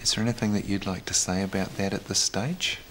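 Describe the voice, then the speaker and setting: A man, facilitating a family meeting with gentle, measured questions. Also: deep voice, fairly even intonation, a little hiss or hum. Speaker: conference facilitator. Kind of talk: calm mediation talk.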